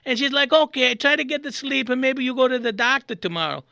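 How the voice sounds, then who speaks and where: An excitable middle-aged Italian immigrant man, as a performer puts him on, rambling through a comic story in broken English with a thick, exaggerated Italian-American accent. His voice is bright and forward. It sounds dry and close to the mic. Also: high-pitched, quick pace, vocal fry, dry recording, exaggerated voice. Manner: rambling, animated, broken grammar. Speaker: podcast host. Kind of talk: comic character monologue.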